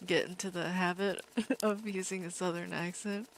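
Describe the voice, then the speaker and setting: A woman streaming a game, chatting casually with viewers in a calm, relaxed way and laughing easily. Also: fairly low pitch, moderate pace, slight background noise. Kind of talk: casual live-stream chat over gameplay.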